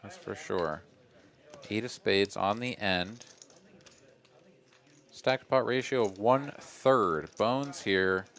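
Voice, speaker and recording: A man giving live poker commentary, relaxed and analytical with dry asides. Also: on the low side, slow, pauses often.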